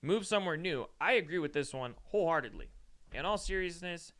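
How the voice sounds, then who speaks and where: A young podcast host from Austin, Texas talks fairly quickly in a slightly high, somewhat bright voice with lively intonation. His casual solo chat is rambling and profane and peppered with "dude," and he sounds sore and keeps yawning.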